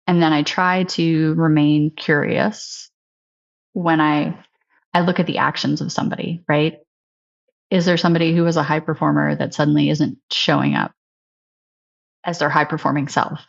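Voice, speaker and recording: A woman's voice: low-pitched, vocal fry. A woman guest on an interview show, telling earnest, reflective stories and often checking in with "right?". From United States. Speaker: guest, sales leader. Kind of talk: casual interview talk. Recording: slightly dull, lo-fi sound.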